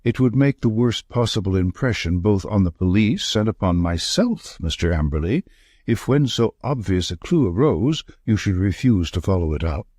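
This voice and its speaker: A man's voice: fairly low pitch, very animated, moderate pace, darkish tone, husky, no room sound, studio quality. A man voicing a grave, commanding male detective who speaks with emphasis. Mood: stern.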